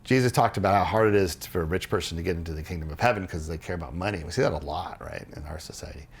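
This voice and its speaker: A man on a podcast, explaining ideas earnestly in casual conversation and acting out quoted dialogue as he goes. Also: very fast. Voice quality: low gravelly voice, husky. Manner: earnest, animated storytelling with restarts and quoted dialogue. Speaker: podcast co-host explaining religious history.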